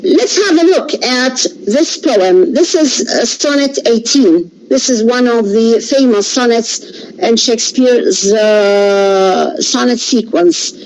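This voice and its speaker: Arabic-accented woman lecturing slow, lots of uhs and restarts, kinda high voice. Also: darkish tone, low-quality recording. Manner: halting, many fillers and restarts. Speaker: literature lecturer. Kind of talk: recorded lecture.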